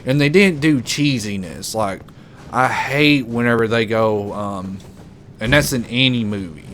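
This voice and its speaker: A man's voice: mid-range voice, a little slow, fairly bright tone, a little hiss or hum. A man giving casual live commentary while playing a video game, rambling emotionally and repeating himself. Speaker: gameplay commentator.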